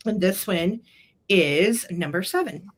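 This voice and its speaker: A woman helps run a live vintage sale, gushing over the items in sweet, chatty sales talk. Her medium-pitched voice has lively intonation and a breathy edge, she takes her time, and a throat tickle makes her clear her throat.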